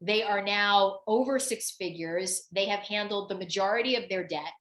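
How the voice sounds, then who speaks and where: Bright, emphatic woman coaching in a roomy room. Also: mid-range voice, normal speed. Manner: animated, emphatic, many "like" fillers and repeats. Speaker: business coach hosting a webinar. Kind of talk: live coaching conversation.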